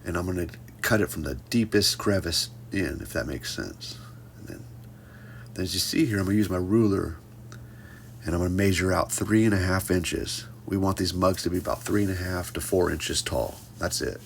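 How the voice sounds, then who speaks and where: A man's voice: deep voice, moderate pace, vocal fry, slight background noise. A man teaching a pottery class in a casual hands-on demonstration, joking with his viewers as he works. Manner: playful, jokey asides addressed to "folks".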